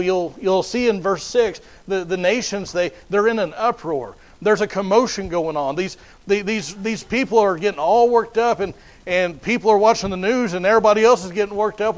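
A man's voice: high-pitched, low-quality recording. A man preaching a sermon in an emphatic, repetitive way, often restarting his phrases.

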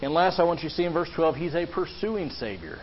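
A pastor with a fast, high-leaning voice preaches an earnest sermon, frequently posing questions to his listeners. The recording is slightly dull and lo-fi, with faint hiss in the background.

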